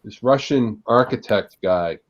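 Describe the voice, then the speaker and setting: A man, a guest agile coach, telling an animated anecdote during a live panel talk. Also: mid-range voice, a little slow. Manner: animated, vivid anecdotal delivery. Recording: dull lo-fi sound.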